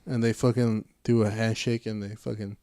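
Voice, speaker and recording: A man chatting on a podcast, his voice warm and mellow against a dry, close microphone. He retells stories loosely, dropping into quick offhand character quotes. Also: on the low side, level tone, no echo. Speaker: podcast co-host. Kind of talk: casual chat.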